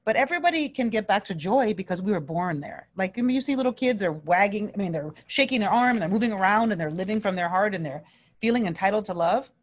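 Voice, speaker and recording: A woman talking as an interview guest about wellness. She speaks with earnest energy, tumbling through restarts and fillers as her thoughts race ahead of her words. Her voice sits at an everyday middle pitch. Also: expressive, quick pace. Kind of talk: conversational interview.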